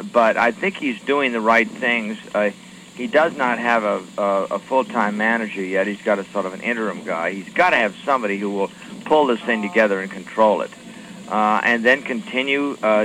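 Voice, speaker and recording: A man, a congressman, answering questions from radio reporters in a halting way, with many fillers and restarts. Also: on the low side, fairly bright tone, a little hiss or hum, rough recording. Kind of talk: radio call-in interview.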